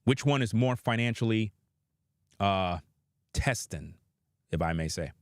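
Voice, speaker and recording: A man's voice: fairly low pitch, lively intonation, unhurried, no room sound, clean studio sound. A man giving opinionated reaction commentary, blunt and profane, addressing his viewers directly.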